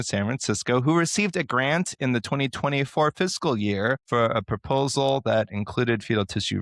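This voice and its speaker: A man's voice: on the low side, fairly bright tone, smooth, dry recording, studio quality. A man co-hosting a podcast, speaking earnestly and with indignation while reading aloud from articles. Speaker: podcast co-host. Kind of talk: casual podcast discussion.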